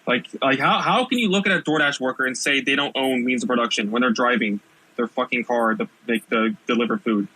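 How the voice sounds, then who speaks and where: A man's voice: mid-range voice, a little fast, pushed and bright, slightly rough, dry recording, poor audio. A man hosting a casual debate, exasperated and mocking, swearing often. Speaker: host.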